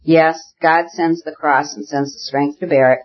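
A man's voice: fairly high pitch, fairly even intonation, moderate pace, lightly acted. A man voicing a pious, haughty invalid noblewoman who speaks in a cool, pious manner. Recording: dull lo-fi audiobook recording.

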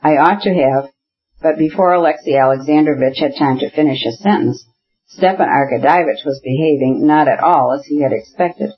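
A man reading a novel aloud in measured, even scripted narration. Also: a little high, slightly rough. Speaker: audiobook narrator. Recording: dull lo-fi recording.

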